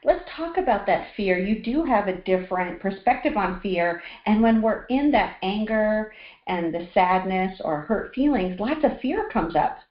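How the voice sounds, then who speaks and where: Brief: mid-pitched woman host, encouraging and affirming, echoey room, dull lo-fi line. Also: lively intonation, measured pace. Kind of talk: casual interview conversation. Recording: roomy, dull lo-fi sound.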